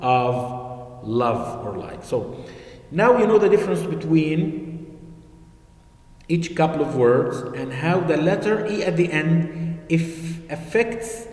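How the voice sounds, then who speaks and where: Slow, patient male teacher in echoey room. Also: fairly high pitch, lively intonation, a little mellow. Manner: slow, patient, repeats key words. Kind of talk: online phonics lesson. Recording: echoey room with long reverb.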